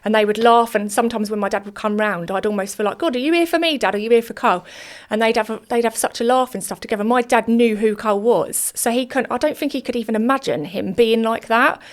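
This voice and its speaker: A woman's voice: fairly high pitch, fairly even intonation, quick pace, few pauses. A woman, a podcast guest telling her story candidly in long run-on sentences full of fillers.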